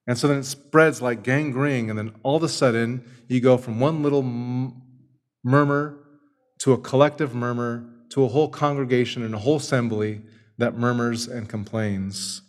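A pastor who is also a father preaches a sermon, asking rhetorical questions and swinging between forceful emphasis and hushed tenderness. His voice is medium-pitched with fairly even intonation at a normal speed.

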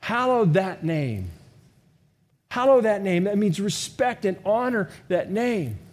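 A middle-aged male pastor with a notably high voice delivers his sermon like a chat with the congregation. He asks question after question and jokes at his own expense. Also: mellow. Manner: conversational, self-deprecating humor, rhetorical questions.

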